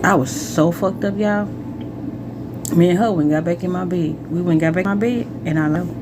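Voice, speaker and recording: A woman telling a casual storytime with slangy, profane, animated delivery. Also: lowish voice, normal speed, very noisy.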